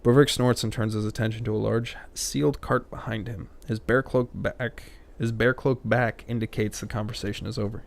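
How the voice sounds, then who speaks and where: Playing through a story game, a let's play host reads the dialogue aloud and keeps breaking off for crude jokes and muttered asides. His voice is lowish with vocal fry and fairly even intonation, delivered at normal speed with hardly any pauses.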